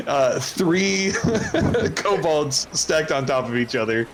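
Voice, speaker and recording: A man's voice: a little high, expressive, very slow, very noisy. A man narrating as game master of a tabletop game, rambling with many fillers and laughs.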